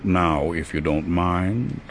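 A man's voice: deep voice, lively intonation, takes it slowly, vocal fry, slight background noise, exaggerated voice. A man voicing a cool, scheming banker. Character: smooth scheming male banker, inspector.

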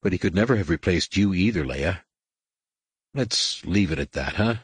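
A cocky, laconic starship captain , as a man reads him in an audiobook, with a low, slightly husky voice. He drawls dryly, sounding almost bored. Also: sing-song, normal speed, no echo, full character voice. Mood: wry. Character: dry, cocky veteran male starship captain. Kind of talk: audiobook character voice.

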